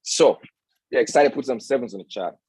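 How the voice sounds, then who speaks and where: A man's voice: medium pitch, brisk, a little mellow, breathy edge, dry recording, poor audio. A man hosting a live-stream trading lesson, preaching his points and tagging them with rhetorical questions. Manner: preachy, repeats tag questions like "all right?"; asks the audience rhetorical questions. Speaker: trading educator and stream host.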